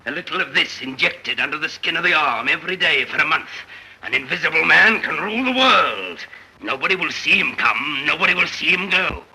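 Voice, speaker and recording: An actor playing a megalomaniac invisible scientist in 1930s film style, with a husky, grandiose, menacing delivery. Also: male voice, fairly high pitch, animated, a little fast, bright, forceful tone, heavily acted, rough recording. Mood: gloating. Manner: grandiose, gloating, ends in a mad laugh.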